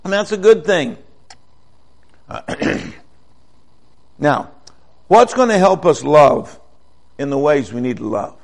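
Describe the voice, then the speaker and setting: A man's voice: on the high side, animated, takes it slowly, creaky, pauses often. An older man preaching a folksy, conversational sermon, asking the congregation questions.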